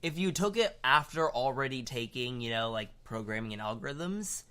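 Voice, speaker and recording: A man's voice: mid-range voice, lively intonation, normal speed, a bit bright. A young man co-hosting a podcast, chatting casually and hesitantly with lots of fillers and restarts. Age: young adult. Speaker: podcast co-host. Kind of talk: casual chat.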